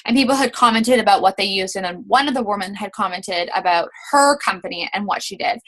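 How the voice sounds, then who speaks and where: A woman's voice: mid-range voice, brisk, fairly bright tone. A young woman coaching her sales team in a casual, chatty way, with many fillers, acting out sample messages.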